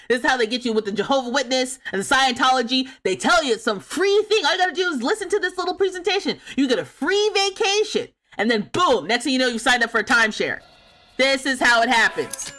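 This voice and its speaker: Lively, bright-voiced woman streamer. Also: a little high, a little fast. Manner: animated, laughing, playfully indignant, talks back to chat. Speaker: livestreamer playing a life sim game. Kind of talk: casual live game commentary, reading chat.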